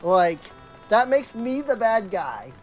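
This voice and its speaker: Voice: medium pitch, big pitch swings, slow, faint music behind. A game streamer chatting casually on a live stream, telling exasperated stories with lots of "like" and restarts. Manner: exasperated storytelling, full of "like" and restarts.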